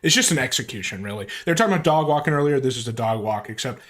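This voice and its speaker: A man's voice: medium pitch, expressive, racing, a bit bright. A man casually commenting over a played stream clip, laughing and using loose slang. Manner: laid-back, laughing, slangy asides. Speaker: commentary host.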